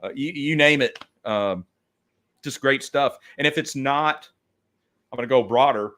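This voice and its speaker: A man's voice: mid-range voice, a little slow, fairly bright tone. A man chatting as a guest on a livestream video call, rambling enthusiastically and poking fun at himself. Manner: rambling, enthusiastic, self-deprecating. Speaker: guest toy collector. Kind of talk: casual livestream chat.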